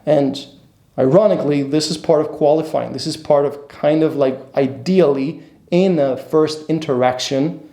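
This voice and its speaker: A man's voice: on the high side, steady tone, moderate pace, mellow, roomy sound. A man coaching other men on dating in a blunt, emphatic monologue, repeating his points and swearing casually. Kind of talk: instructional monologue.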